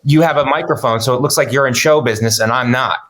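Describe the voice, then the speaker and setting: A man's voice: mid-range voice, fast talker, a bit bright. A man bantering as co-host of an improvised comedy podcast, earnest and mock-motivational, speaking through a laptop on a video call without a microphone.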